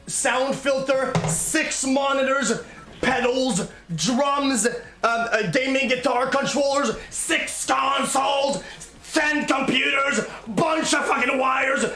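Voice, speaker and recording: A male streamer in a played clip, shouting a rapid list in a hyped way. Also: very high voice. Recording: echoey clip with music behind.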